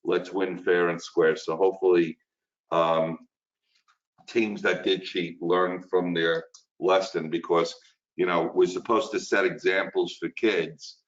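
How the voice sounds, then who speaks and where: A man in his sixties speaks with a thick Brooklyn New York accent in a very low, deep voice. He chats in a folksy, earnest, rambling way as an instructor warming up a class. The audio is dull and lo-fi, like an online webinar. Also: fairly even intonation, takes it slowly. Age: 60s. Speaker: insurance course instructor. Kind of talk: chatty webinar small talk before class.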